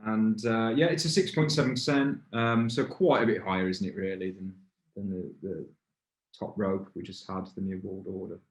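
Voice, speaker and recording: A man's voice: low voice, steady tone, moderate pace. Rambling man in an echoey pub. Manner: rambling, stops and restarts mid-thought. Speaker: pub beer review host. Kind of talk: casual chat.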